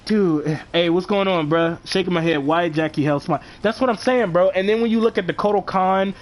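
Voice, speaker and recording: Exasperated, higher-voiced man ranting on stream. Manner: exasperated, profane, slangy ranting. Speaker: live streamer. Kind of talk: casual live stream rant.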